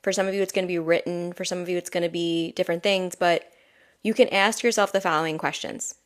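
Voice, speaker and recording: A woman who is an intuitive healer, giving a soft, rambling spiritual reading with frequent laughs. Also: fairly low pitch, fairly even intonation, fast talker, smooth. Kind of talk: casual spiritual guidance talk.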